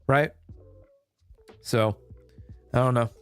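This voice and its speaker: Laid-back male streamer, casual chat with swearing, animated delivery, faint music bed. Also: fairly high pitch, normal speed. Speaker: VTuber streamer.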